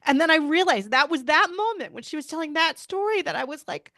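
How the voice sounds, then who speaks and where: Middle-aged woman, podcast guest; earnest, searching delivery, slightly high voice, dry close mic. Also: lively intonation, a little fast, hardly any pauses, bright, forceful tone, dry recording. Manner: earnest, searching, frequent restarts and "like". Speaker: pediatrician and bereaved mother, guest. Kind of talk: heartfelt interview storytelling.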